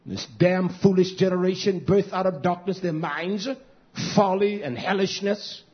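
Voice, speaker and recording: A man preaching a fiery, scolding sermon, swinging between shouted lines and hushed ones. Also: sits high, steady tone, a little slow. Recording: dull lo-fi recording.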